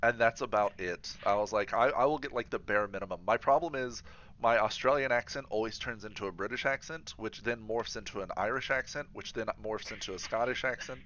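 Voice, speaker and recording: A man's voice: on the low side, brisk, pushed and bright. A man streaming a game, chatting casually and rambling with many fillers and restarts. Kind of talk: casual chat while gaming. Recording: slightly dull livestream audio.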